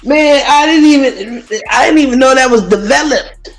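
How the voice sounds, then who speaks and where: A woman's voice: high-pitched, faint music behind. A woman co-hosting a livestream, talking bluntly with lots of swearing and laughter. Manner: blunt, profane, quick to laugh. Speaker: co-host. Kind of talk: casual chat.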